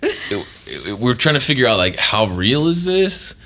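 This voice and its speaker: A man's voice: very animated, unhurried, sharp tone, slight background noise. A man, a podcast host and former tattoo artist, telling a long story in a casual, profane way and acting out the people in it. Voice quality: low voice, swears freely, acts out quoted people.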